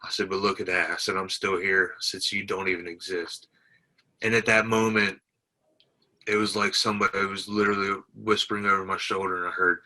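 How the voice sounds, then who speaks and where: Low monotone guy, bit of a drawl, telling his story to an interviewer. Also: brisk, low-quality recording. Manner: plainspoken, retells dialogue with many "I said". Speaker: veteran guest.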